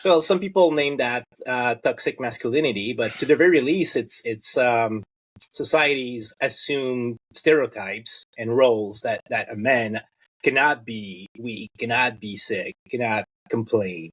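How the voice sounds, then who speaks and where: Husky man, earnest and hesitant. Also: mid-range voice, measured pace, a bit bright. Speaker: podcast co-host. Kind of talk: casual recovery chat.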